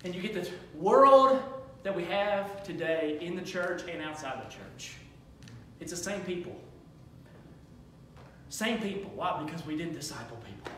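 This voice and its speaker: High bright preacher in an echoey church. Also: male voice, animated, unhurried, long pauses, far from the mic, slight background noise. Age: 30s. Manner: builds from conversational to shouting. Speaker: pastor. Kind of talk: sermon. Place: church sanctuary.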